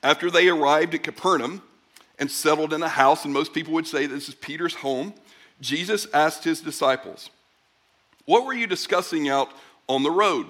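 A middle-aged man delivering a conversational sermon with a slightly high-pitched voice. He keeps it chatty and animated, slipping into quick acted-out voices to make his points. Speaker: pastor.

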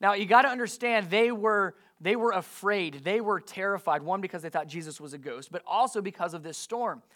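A man's voice: high-pitched, brisk, few pauses, pushed and bright. A man preaching a sermon in church, reading scripture and posing rhetorical questions to his congregation in a conversational way. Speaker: pastor.

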